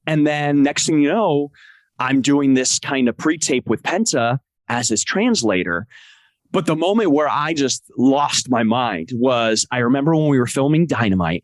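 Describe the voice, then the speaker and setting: A man as a podcast guest, telling an excited, emotional story and acting out what people said. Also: no room sound. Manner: acts out quotes with big pitch jumps. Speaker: podcast guest, wrestling translator. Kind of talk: animated storytelling in conversation.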